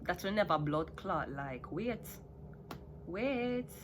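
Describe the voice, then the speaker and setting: A woman's voice: on the low side, animated, slow pace, noisy background. A woman with a Jamaican accent ranting heatedly to her viewers, profane and switching between patois and standard English. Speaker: vlogger. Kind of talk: unscripted rant to viewers.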